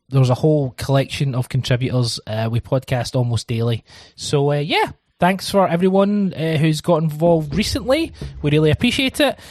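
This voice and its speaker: Man, podcast host, fairly high voice, dry close sound, rambling casual chat. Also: a little mellow, no room sound. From Scotland. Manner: chatty, rambling, lots of ums and uhs.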